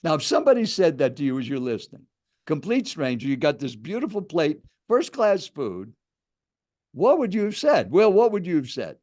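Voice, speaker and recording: A man's voice: on the high side, huge pitch swings, normal speed, a little mellow. An older man, a professional speaker, animatedly telling a story in an interview and acting out the dialogue.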